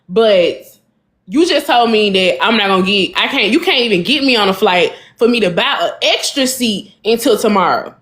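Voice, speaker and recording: A woman co-hosting a podcast, telling a story in a casual, animated way, exasperated and speaking. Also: mid-range voice, moderate pace. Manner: animated, addresses listeners as y'all, vents with exasperation. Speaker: podcast co-host.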